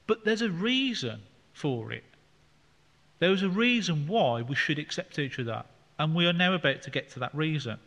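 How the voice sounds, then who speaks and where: A man's voice: fairly high pitch, expressive, normal speed, a bit bright. A man leading a Bible study, explaining scripture in a conversational way with fillers. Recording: long hall reverb.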